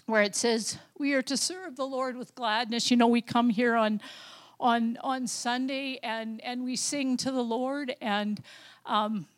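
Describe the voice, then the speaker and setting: Older woman, high-pitched, speaking to her congregation in a warm, rambling, heartfelt way with lots of pauses and restarts. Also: steady tone. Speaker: lay speaker at church. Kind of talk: informal church talk and testimony.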